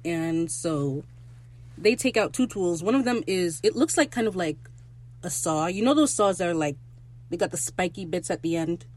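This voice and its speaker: Excitable, cussing TV recap host. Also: medium pitch, moderate pace. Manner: excitable, profane, rambling asides. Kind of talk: casual recap commentary.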